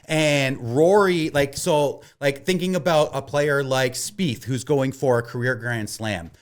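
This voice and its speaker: A man's voice: mid-range voice, unhurried. A man co-hosting a podcast with his brother, chatting casually and hesitantly, with frequent restarts and fillers. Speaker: podcast co-host, golf betting. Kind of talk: casual chat.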